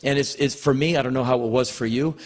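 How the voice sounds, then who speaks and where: A man's voice: mid-range voice, fast talker. A man telling a long personal story on stage, acting out the voices of the people in it and often stumbling over his words. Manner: animated, acts out quoted voices; rambling, repeats words when emotional. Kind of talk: spoken word storytelling.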